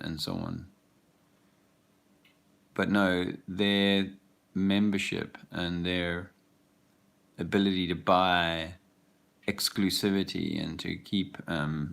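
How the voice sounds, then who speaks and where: Brief: low, gravelly male vlogger, rambling and hesitant, walking outside. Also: a bit bright. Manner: rambling, hesitant, full of fillers. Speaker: father, vlogger. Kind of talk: reflective walking vlog. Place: outdoors, walking a park path.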